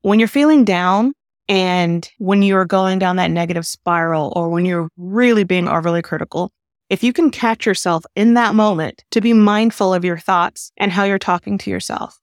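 A woman therapist hosting a podcast, calmly explaining advice in an earnest way. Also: mid-range voice, no room sound, studio quality. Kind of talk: advice talk.

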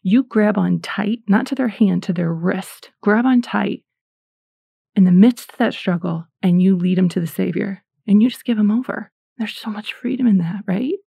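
A middle-aged woman talks through her faith in a chatty, animated way, often poking fun at herself. Her voice is mellow and a little gravelly. The sound is dry and close, with no room echo. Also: medium pitch, moderate pace. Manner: chatty, animated, self-deprecating. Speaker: Christian podcaster. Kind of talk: casual faith talk.

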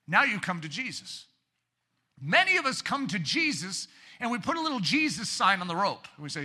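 A man preaching a sermon, animated, shouting for emphasis and dropping to quiet asides. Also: high voice, normal speed. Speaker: pastor.

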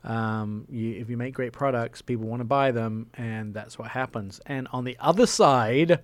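Guy hosting a radio show, excited and rambly, cracks jokes, dry close sound. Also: medium pitch, normal speed, no echo. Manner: rambling, enthusiastic, jokey. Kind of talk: casual radio chat.

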